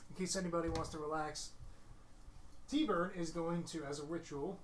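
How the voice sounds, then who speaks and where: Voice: medium pitch, fairly even intonation, normal speed. A player in a tabletop game, chatting casually with laughing asides. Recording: echoey room, distant mic, faint noise.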